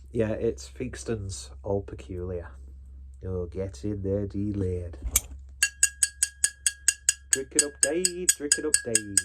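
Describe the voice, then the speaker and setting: A man's voice: on the low side, darkish tone. A man hosting a casual beer review, rambling and self-deprecating with sweary asides.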